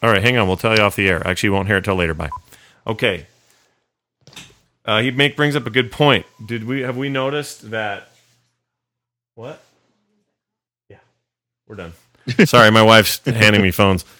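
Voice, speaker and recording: A man's voice: fairly low pitch, normal speed, long pauses, pushed and bright, dry recording. A man hosting a casual podcast, bantering and laughing, irritated by small things. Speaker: podcast host. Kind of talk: casual chat.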